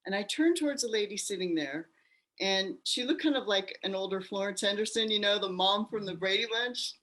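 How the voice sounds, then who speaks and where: A woman guest in an interview telling her personal story in an animated way, acting out the voices of the people in it. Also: medium pitch, a little fast. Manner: animated, acts out quoted voices.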